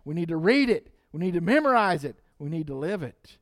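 High-voiced preacher, emphatic delivery. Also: male voice, big pitch swings, fairly quick, no room sound, clean studio sound. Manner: emphatic, repeats key lines and leads the congregation in saying them. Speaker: pastor. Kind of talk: sermon.

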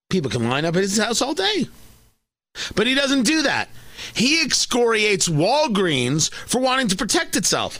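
A man hosting an opinion commentary show, ranting in a sarcastic, animated way. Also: high-pitched, unhurried, pauses often, no echo. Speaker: host.

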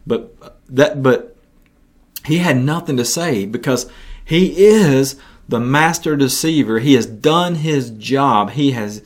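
A man's voice: mid-range voice, takes it slowly. A man preaching an earnest sermon, often restarting his phrases.

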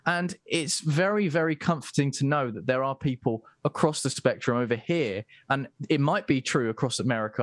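A man talking as a guest on a political show, stopping and restarting often and filling pauses with "um". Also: medium pitch, no echo, studio quality. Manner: halting, many restarts and fillers. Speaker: guest commentator. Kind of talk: casual political discussion.

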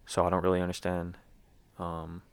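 A man's voice: low voice, monotone, normal speed, no room sound. A young man giving a rambling, casual recap as a sports fan, with lots of fillers and restarts.

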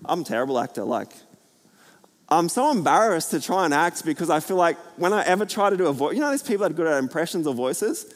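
A man preaching a sermon to a church, chatty and energetic, full of fillers and jokes. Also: fairly high pitch, quick pace. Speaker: pastor. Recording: hall reverb.

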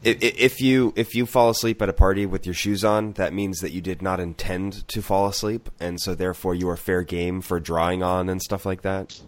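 A podcast co-host with a low-sitting voice and a brisk delivery chats casually, telling stories in a relaxed way and stammering as he starts each anecdote.

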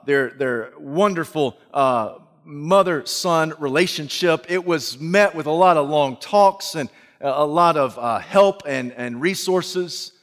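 A male preacher telling a story in a sermon, swinging from hushed, slow lines to loud shouting. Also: on the high side, in a large hall.

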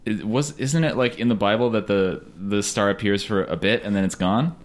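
A man's voice: fairly low pitch, normal speed. A man hosting a casual podcast, dry and sarcastic in his jokes. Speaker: podcast host.

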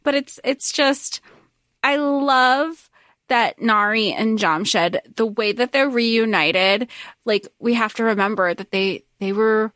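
A woman with a fairly high voice talks casually on a podcast, recapping a plot and voicing characters' lines as she goes. Her voice sounds close and dry. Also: slow, a bit bright, no echo. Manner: conversational, acts out characters' lines while recapping. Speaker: podcast co-host. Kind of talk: casual book discussion.

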